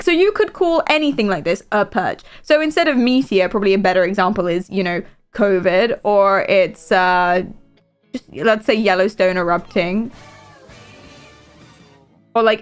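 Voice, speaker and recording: A woman's voice: mid-range voice, expressive, moderate pace, clean tone, faint music behind. A British woman streaming, chatting casually in a rambling, giggly and playful way. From Britain. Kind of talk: casual live-stream chat.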